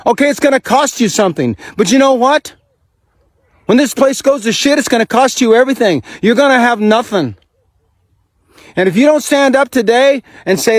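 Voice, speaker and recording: A man's voice: very high-pitched, lively intonation, moderate pace, pauses often, no room sound, studio quality. A man from the United States, a songwriter, delivering an impassioned, profane rant with repeated rhetorical questions outdoors on a farm.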